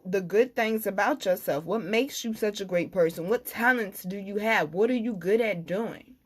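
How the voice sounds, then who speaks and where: Blunt, animated woman tarot reader. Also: medium pitch, moderate pace, few pauses, breathy edge. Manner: blunt, profane, animated storytelling. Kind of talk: casual tarot reading monologue.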